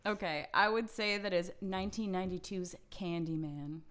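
A woman's voice: fairly low pitch, moderate pace, fairly bright tone. A woman co-hosting a podcast, chatting casually and laughing easily. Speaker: podcast co-host.

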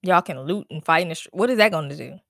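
A woman's voice: deep voice, expressive, fast, creaky, dry recording, studio quality. A woman with children hosting a podcast, ranting in an angry, exasperated way, worn out and upset, swearing and repeating her questions. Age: adult with children. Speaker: podcast host. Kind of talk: impassioned solo podcast rant.

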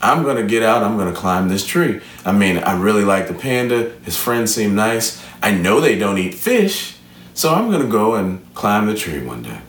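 A man's voice: lowish voice, sing-song, normal speed. A man voicing a small, cautious male fish in a told fable, in a hesitant, thoughtful way. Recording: roomy echo, from a distance.

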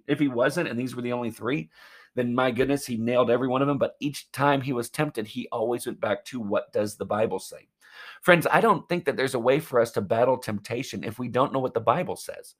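A man preaching a sermon in an earnest, emphatic way, often calling his listeners friends. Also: medium pitch. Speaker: pastor.

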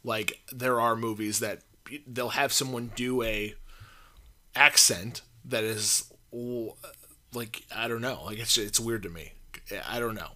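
Casual podcast co-host, male, bright voice, mid pitch, rambling with "like" fillers. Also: fairly even intonation, measured pace. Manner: rambling, hesitant, full of "like" fillers. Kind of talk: casual chat.

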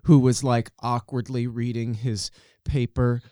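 A man co-hosting a comedic news podcast in a deep radio voiceover voice, cracking wry, deadpan jokes. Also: a little slow, a crowd in the background. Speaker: podcast co-host.

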